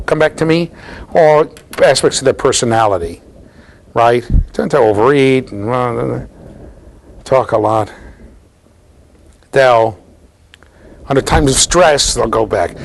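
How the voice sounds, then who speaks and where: A man giving a classroom lecture at a university, chatty and animated, asking the class questions and acting out little voices. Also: mid-range voice, normal speed, vocal fry, pauses often.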